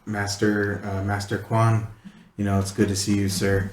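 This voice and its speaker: A man's voice: lowish voice, little pitch movement, normal speed, natural voice. A man voicing a young recruit who speaks politely and hesitantly, stumbling over his words. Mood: deferential. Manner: hesitant, deferential, lots of fillers. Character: eager young male recruit, polite and unsure. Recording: roomy with faint noise.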